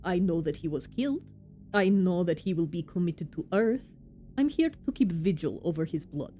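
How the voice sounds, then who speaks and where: A woman voicing a huge, scarred male slaughterhouse foreman in a slow, heavy, clipped way, with a put-on Russian accent. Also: on the low side, expressive, warm tone, soft background music, close to an everyday voice. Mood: cold. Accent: attempted Russian accent.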